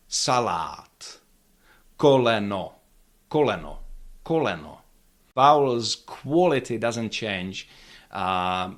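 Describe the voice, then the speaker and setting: A man's voice: mid-range voice, a bit bright. A man teaching pronunciation, explaining rules with many fillers and repeated example words. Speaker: language teacher.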